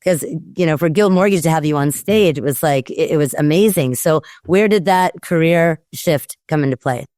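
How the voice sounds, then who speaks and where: Woman, podcast host, lowish voice, friendly, conversational, dry close mic. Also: normal speed, hardly any pauses, a little mellow, no room sound. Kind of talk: casual interview chat.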